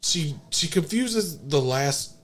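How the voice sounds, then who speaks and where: A man's voice: fairly high pitch, slow pace, a little hiss or hum. A young man chatting casually as a podcast co-host, telling stories with lots of laughter. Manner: animated storyteller, laughs often. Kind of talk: casual chat.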